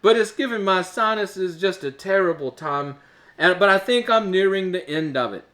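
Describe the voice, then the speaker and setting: A man talks in a loose, rambling way, his voice sitting fairly high for a man. His nose is stuffed up, so he sounds congested and a little short of breath. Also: expressive, moderate pace, bright, forceful tone. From Alabama, US. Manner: rambling, chatty, with filler uhs and laughs. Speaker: show host. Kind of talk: casual solo talk to camera.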